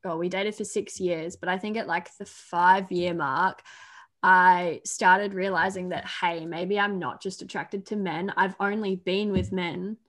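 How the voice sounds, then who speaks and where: A woman's voice: fairly low pitch, fairly even intonation, measured pace, fairly bright tone. Chatty young Australian woman. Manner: chatty, laughs often, lots of "like" and "yeah". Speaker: podcast guest, YouTuber. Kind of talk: casual chat.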